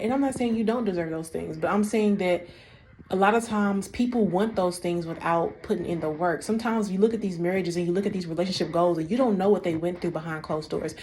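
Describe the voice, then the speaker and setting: A young woman, talking about faith and marriage in a casual preaching way, animated and full of repeats. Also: fairly low pitch, a little hiss or hum.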